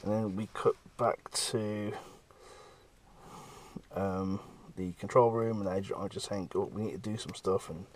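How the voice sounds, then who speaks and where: A man's voice: lowish voice, darkish tone, slight background noise. A man, a comic artist, rambling casually through his pages and acting out bits of the dialogue.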